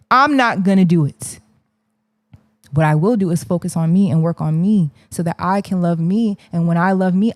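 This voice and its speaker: A woman's voice: fairly low pitch, a little mellow, no echo, clean studio sound. A woman giving a fiery, preachy livestream monologue, blunt and colloquial, hammering the same challenges again and again. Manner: blunt, colloquial, drops into slang.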